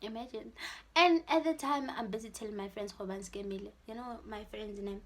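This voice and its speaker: A young South African woman with a South African accent tells a casual, animated story in her vlog, mixing in Setswana phrases. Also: mid-range voice, fairly quick, slight background noise. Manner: animated, slips into Setswana for quoted lines. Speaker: vlogger. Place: her room at home.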